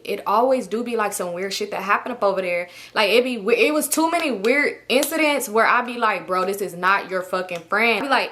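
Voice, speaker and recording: Bright-voiced young woman telling a story. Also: a little high. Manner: animated, profane, acts out her own past texts and thoughts. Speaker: storytime vlogger. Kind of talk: casual storytelling to viewers.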